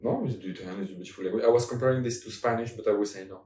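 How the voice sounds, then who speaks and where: A young French man with a French accent, a native French speaker, chatting as a podcast guest in halting English, animated and laughing often. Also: lowish voice, roomy sound, far from the mic. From France. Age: young adult. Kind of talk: casual conversation.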